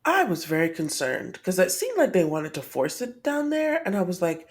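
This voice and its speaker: Lively woman with dry asides. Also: lowish voice, normal speed, hardly any pauses. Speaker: podcast co-host. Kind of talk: casual chat.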